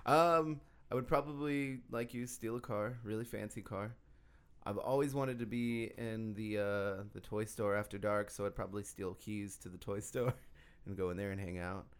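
A man's voice: fairly low pitch, fairly even intonation, moderate pace, clear, resonant tone. A man co-hosting a podcast in casual crude banter, giggling and hesitating with many ums. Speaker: podcast co-host.

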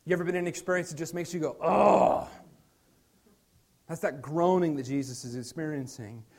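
A man in his thirties preaching a sermon, earnest, moving between loud emphasis and soft, hushed lines. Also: fairly high pitch, fast talker. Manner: earnest, shifts from loud stress to quiet near-whispers. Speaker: pastor.

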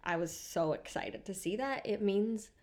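Animated woman recapping a reality show. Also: mid-range voice, unhurried. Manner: animated, laughs often, acts out quotes. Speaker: podcast co-host.

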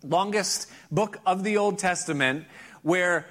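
A middle-aged man preaching a sermon in a relaxed, conversational way. His voice is bright and sits a little high for a man. He tells stories with a self-deprecating touch and chuckles between points. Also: slow pace. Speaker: pastor. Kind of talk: sermon with personal story.

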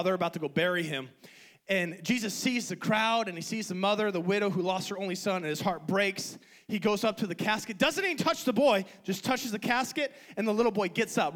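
A male pastor preaching a sermon, swinging between hushed, quiet moments and loud, excited preaching. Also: high voice, poor audio.

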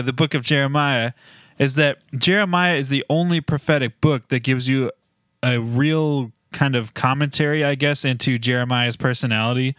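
A man talking through Bible fun facts in a laid-back, explanatory way, with a middle-of-the-road pitch. He sounds close and dry. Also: moderate pace, no echo. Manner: relaxed, explanatory, a few filler restarts. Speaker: podcast co-host presenting fun facts. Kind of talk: casual Bible discussion.

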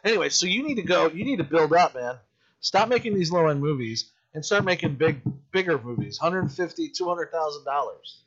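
A man who makes independent films, telling stories in casual podcast chat, animated and full of swearing. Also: a little high, a little fast, muffled recording. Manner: profane, animated storytelling. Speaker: independent filmmaker.

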